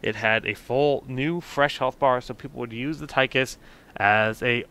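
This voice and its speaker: A man hosting a casual panel chat, explaining changes in an animated, emphatic way. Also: mid-range voice, a little slow, clean tone, no echo. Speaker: podcast host. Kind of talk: casual panel chat about a game patch.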